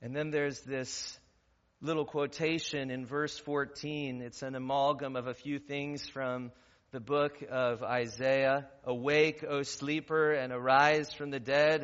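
A man with a fairly high voice preaches a sermon, posing rhetorical questions and rising to loud, emphatic passages. His voice rings with a long reverb in the church sanctuary. The recording sounds dull and lo-fi. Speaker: pastor.

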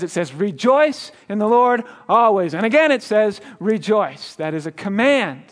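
A man's voice: high-pitched, expressive, moderate pace, few pauses. A man preaching as a guest speaker, telling a joke story with chuckles and stumbling restarts. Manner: storytelling with laughs and repeated restarts. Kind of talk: sermon. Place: church.

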